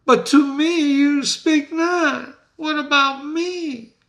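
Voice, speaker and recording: A man reading aloud the lines of a bold, questioning male Scottish general, slow and measured. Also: very high voice, fairly even intonation, a bit bright, pitched above the performer's own voice, heavily acted. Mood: challenging. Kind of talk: dramatic reading of a play quote.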